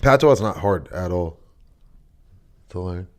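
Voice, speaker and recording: A man's voice: sits low, animated, unhurried. A young man hosting a podcast in loose, profane, joking casual chat. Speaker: podcast host.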